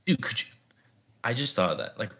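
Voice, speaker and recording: A man's voice: medium pitch, animated, fairly quick, bright, forceful tone. A young man co-hosting a casual podcast chat, rambling and thinking aloud with lots of "like". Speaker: podcast co-host.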